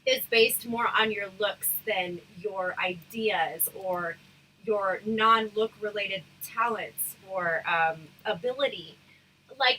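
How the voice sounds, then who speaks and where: A woman hosting a casual livestream chat, talking frankly and rambling with lots of fillers, her voice going hoarse. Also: medium pitch, bright, forceful tone, a little hiss or hum, poor audio. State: losing her voice, throat irritated. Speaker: livestream host.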